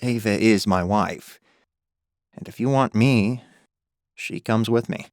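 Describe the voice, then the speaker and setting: A woman's voice: extremely low pitch, slow, a little mellow, no room sound, clean studio sound, voice pushed down. A woman narrator voicing a nervous, stammering husband in an audiobook. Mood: flustered. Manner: stammering, hesitant.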